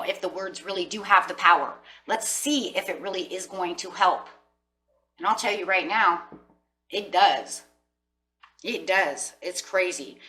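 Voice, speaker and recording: A woman with a low, forceful voice gives a casual, motivational tarot reading and speaks right to her listeners. She sounds earnest and encouraging. Her voice comes from a bit away from the mic, with a faint hum underneath. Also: recorded from a distance, low-quality recording. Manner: earnest, encouraging, talks straight to viewers. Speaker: tarot reader.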